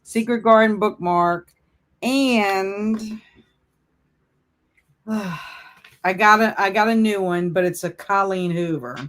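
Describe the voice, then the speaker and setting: A woman hosting a reading livestream in a casual, chatty way. Her voice sits in a middle pitch, and she slips into playful, over-the-top disappointment. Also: slow, long pauses, fairly bright tone, a little hiss or hum. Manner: chatty, mock-dramatic dismay. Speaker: livestream host. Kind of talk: casual chat on a reading stream.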